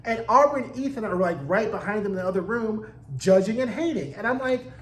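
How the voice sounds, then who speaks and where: A man's voice: sits high, brisk, a bit bright, roomy sound, slight background noise, rough recording. A man giving a casual recap of a TV episode, sassy and profane with chatty asides. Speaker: TV recap reviewer.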